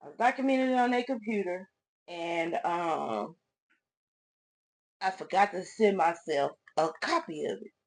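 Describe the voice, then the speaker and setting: A woman's voice: lowish voice, unhurried. A woman vlogger chatting through a casual get-ready-with-me storytime at home, talking straight to her viewers as y'all and acting out the voices of people in her story. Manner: acts out voices in retold conversations. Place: at home doing her makeup.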